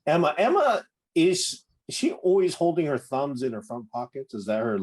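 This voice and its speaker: A man's voice: on the high side, wildly swooping pitch, normal speed, a little mellow, breathy edge. A man co-hosting a podcast in casual chat, asking lots of questions and laughing often. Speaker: podcast co-host.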